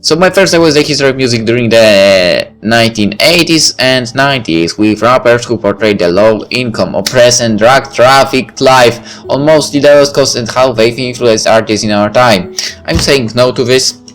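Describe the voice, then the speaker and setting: A man's voice: mid-range voice, moderate pace, a bit bright, faint music behind. A man reading a visual novel aloud in first person, breaking off for casual asides. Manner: casual asides between narration. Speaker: let's play reader.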